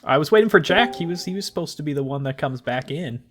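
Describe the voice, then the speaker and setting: A man's voice: fairly high pitch, expressive, fast, a bit bright, slight background noise. A young man on a casual podcast, throwing in teasing quips. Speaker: podcast co-host. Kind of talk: casual chat.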